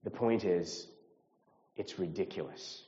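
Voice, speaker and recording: A man's voice: low-pitched, slow pace, warm tone. An earnest male pastor from the United States preaching to his congregation, repeating phrases and lifting his voice when stirred. His voice rings through a church sanctuary with a long reverb tail, and the sound is a little dull. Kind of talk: sermon.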